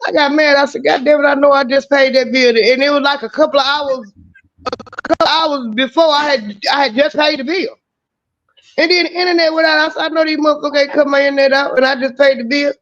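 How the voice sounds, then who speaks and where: A woman's voice: sits high, quick pace, fairly bright tone. A woman in casual chat, telling stories emphatically and swearing freely. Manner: emphatic, profane, storytelling. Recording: dull lo-fi audio.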